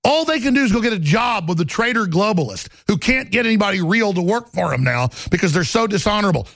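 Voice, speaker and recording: Raspy, animated, angry talk host. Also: male voice, high-pitched, fast, few pauses, dry recording, studio quality. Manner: angry, mocking, shouting rants with sneering impressions. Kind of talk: ranting political commentary.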